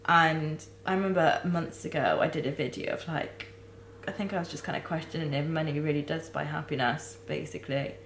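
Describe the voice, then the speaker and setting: Brief: young woman, lowish voice, halting and near tears, in an echoey room with a faint hum. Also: steady tone, gravelly. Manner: halting, searching for words, many fillers and restarts. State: close to tears. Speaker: vlogger. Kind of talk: candid personal vlog.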